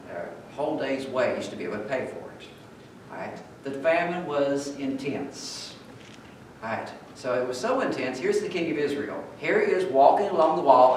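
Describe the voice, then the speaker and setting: A male pastor preaching a sermon, telling a story and getting louder and higher as he retells its scenes. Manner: storytelling, rising loud and high when retelling scenes. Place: church sanctuary. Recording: echoey church hall, mic far off, faint noise.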